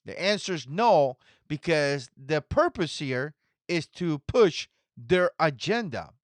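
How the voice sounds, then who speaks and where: A man's voice: on the high side, big pitch swings, takes it slowly, dry recording. A man in his forties hosting a reaction commentary video, talking in an indignant, repetitive way. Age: 40s. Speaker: commentary channel host.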